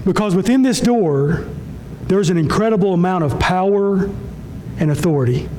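A pastor preaching a sermon with impassioned, repetitive phrasing that swings between soft low lines and raised high ones. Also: male voice, lively intonation, normal speed, a little hiss or hum, poor audio. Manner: impassioned, repetitive preaching with sudden drops and rises in pitch.

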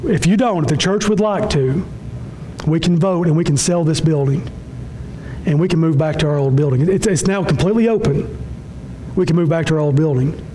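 A man with a high voice preaches a sermon, pressing his point through repetition and sudden swings between hushed low phrases and raised, pleading ones. A faint rumble sits under the recording. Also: a little fast, rough recording. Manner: impassioned, repetitive preaching with sudden drops and rises in pitch. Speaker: pastor.

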